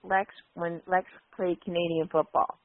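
A woman's voice: on the low side, level tone, unhurried, dry recording. A woman casually telling anecdotes and acting out quoted voices. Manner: chatty, acts out quotes with voices. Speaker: guest storyteller. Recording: dry, phone-like line.

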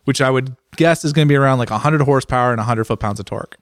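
A man's voice: mid-range voice, rapid-fire, dry recording, studio quality. A man co-hosting a casual talk show, rambling and often repeating words as he starts his sentences. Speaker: podcast co-host. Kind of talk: casual motorcycle chat.

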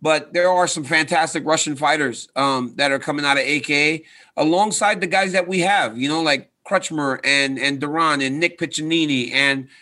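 Earnest man with a bright voice. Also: fairly high pitch, moderate pace. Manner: earnest, repeats "right?" for emphasis. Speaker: retired fighter and coach, guest. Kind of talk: casual interview talk.

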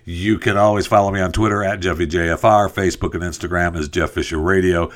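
Deep male talk-radio host, loose and rambling. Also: fast. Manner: relaxed, rambling, frequent fillers. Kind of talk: casual talk, telling a joke.

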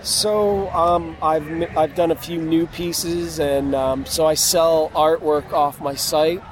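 A man's voice: a little high, fairly even intonation, a little hiss or hum, rough recording. Rambling male actor at a convention. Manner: rambling, halting with many fillers and restarts. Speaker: actor and interview guest. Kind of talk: casual interview talk. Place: convention floor, public space.

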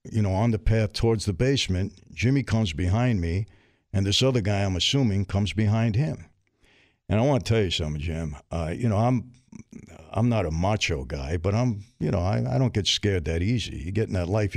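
A man's voice: on the low side, no echo. A middle-aged man, a guest in a studio interview, telling his story candidly and acting out the dialogue. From New York. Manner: streetwise, vivid, acts out dialogue.

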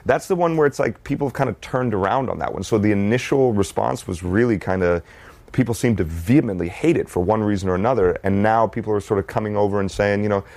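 Male actor guest, low voice, dry close mic, loose rambling delivery. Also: quick pace, a little mellow, no room sound. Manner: easygoing, rambling with restarts. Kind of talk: casual interview chat.

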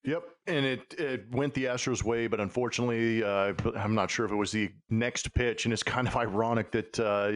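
A man's voice: medium pitch, fairly even intonation, moderate pace, hardly any pauses. A man hosting a sports podcast, telling stories in a chatty, casual way with frequent filler words. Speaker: podcast host. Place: Houston.

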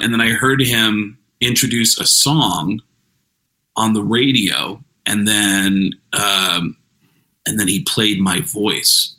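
Male comedian, bright, forward voice; casual interview storytelling, profane, jumps in and out of character voices. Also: fairly low pitch, takes it slowly, rough recording. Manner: profane, animated, slips into voices. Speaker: stand-up comedian.

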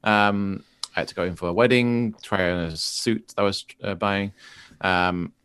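A man with a low voice chats on a podcast with dry, teasing humor, pausing on small fillers. The sound is close and dry. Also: fairly even intonation, a bit bright, smooth, dry recording. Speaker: podcast co-host. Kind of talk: casual podcast chat.

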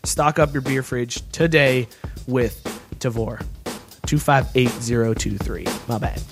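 A man's voice: mid-range voice, unhurried, music in the background. A man co-hosting a casual podcast, who laughs a lot and fumbles the ad reads. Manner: laughs often, stumbles over read-out codes. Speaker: podcast co-host reading ads. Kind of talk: casual chat.

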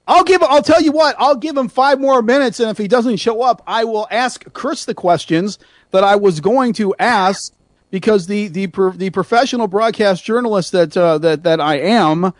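A man hosting an internet radio talk show, talking in an animated, rambling way with many restarts and self-mocking asides. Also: sits high, moderate pace, no room sound, clean studio sound. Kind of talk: casual radio chat.

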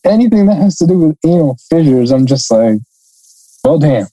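A man's voice: a little high, expressive, normal speed, dark tone, no echo, low-quality recording. A man casually chatting on a podcast, reading funny reviews aloud with lots of laughing and swearing. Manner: laughs often, swears freely, sing-song reading. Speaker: podcast co-host.

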